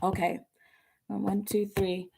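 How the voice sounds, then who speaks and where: A woman with a tired, bass-heavy voice, rambling chattily with many fillers as she gives a live online tarot reading. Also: flat delivery, takes it slowly, vocal fry, warm tone, breathy edge. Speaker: tarot reader.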